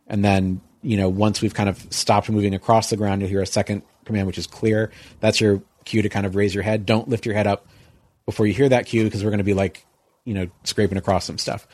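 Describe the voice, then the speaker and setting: A man's voice: lowish voice, flat delivery, fairly quick, darkish tone, no echo. A man telling a long story in casual chat, rambling with lots of "like" and "you know".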